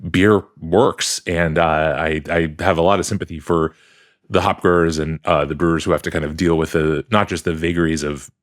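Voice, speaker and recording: Deep-voiced man musing in casual chat. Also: level tone, normal speed. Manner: thoughtful, rambling with restarts. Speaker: podcast co-host. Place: hotel room.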